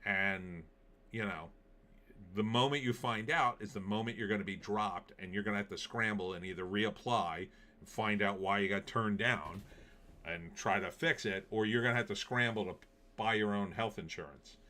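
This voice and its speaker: A male host talks through the news in a loose, sarcastic ramble, with lots of fillers along the way. His voice sits on the lower side. It is bright and forceful. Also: normal speed. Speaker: show host. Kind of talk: casual political and movie commentary.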